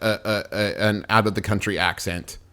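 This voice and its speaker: A man's voice: lowish voice, fairly even intonation, moderate pace, pushed and bright. A man co-hosting a comedy podcast who rambles through hedging, speculative explanations. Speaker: podcast co-host.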